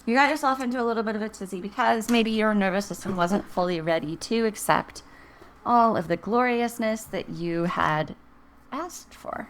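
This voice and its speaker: A woman's voice: mid-range voice, moderate pace, slight background noise. Chatty woman reading tarot cards. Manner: chatty, encouraging, thinks aloud. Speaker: tarot reader. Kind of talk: casual tarot reading to camera.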